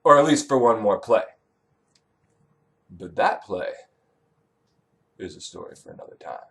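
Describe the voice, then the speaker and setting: A man's voice: on the low side, creaky. A young man retelling an old tale as irreverent comedy, sarcastic and full of profane asides. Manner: animated, sarcastic, rapid asides. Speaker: comedic storyteller.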